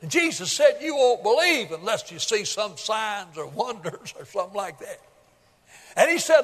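An older man delivers a folksy sermon, swinging from loud emphatic peaks to low asides as he retells Bible stories. His voice sits high, and it rings with a long reverb from a large hall. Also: very animated, unhurried. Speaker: preacher.

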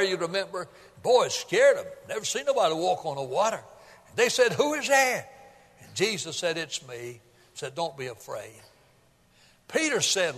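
Older man, preacher, folksy sermon, high voice, long hall reverb. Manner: folksy, storytelling, rises to loud emphatic peaks.

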